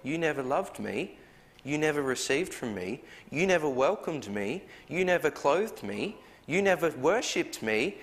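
Earnest preacher in a reverberant hall. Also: male voice, a little high, sing-song, unhurried. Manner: earnest, rhetorical questions, acts out quoted voices. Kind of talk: sermon.

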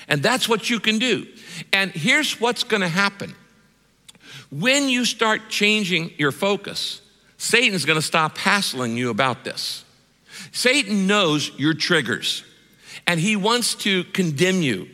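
A male pastor preaching a sermon in an animated, direct way, full of repeated words and questions to the listeners. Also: high-pitched, slow, big-room sound.

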